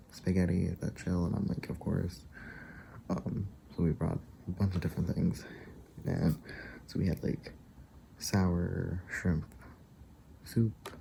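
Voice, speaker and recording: A man's voice: low voice, vocal fry, mellow, a little hiss or hum, rough recording. A man telling a story to camera in a casual, rambling way, with hesitations and asides. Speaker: vlogger.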